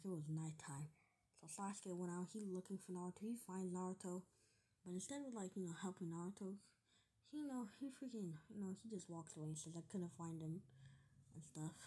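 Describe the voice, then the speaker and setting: A woman tells a fan story in a loose, rambling way, full of fillers and side jokes. Her voice is on the low side and noticeably breathy. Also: a little mellow. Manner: rambling, filler-heavy, joking asides. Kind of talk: casual retelling of a fan story.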